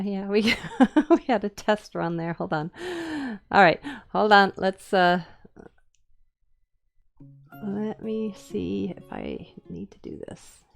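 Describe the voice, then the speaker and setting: With a creaky, medium-pitched voice, a middle-aged Minnesota woman chats loosely on a live stream while demonstrating carving as a woodcarving teacher. Her accent is Upper Midwest American, from Minnesota and Wisconsin, and her talk rambles with fillers and restarts.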